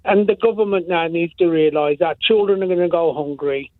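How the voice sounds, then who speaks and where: A man's voice: a little high, brisk, no echo. A man calling a radio phone-in, who runs a chip shop and rambles from topic to topic. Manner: rambling, hops between topics. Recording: tinny phone line.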